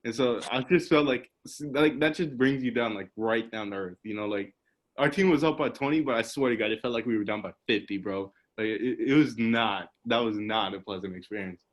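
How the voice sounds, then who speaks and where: A man's voice: medium pitch, a little fast. A young man hosting a casual podcast over a video call, telling stories in a rambling way with lots of "like" and laughter. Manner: rambling storyteller, laughs often, says "like" a lot. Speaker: podcast host. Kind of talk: casual chat.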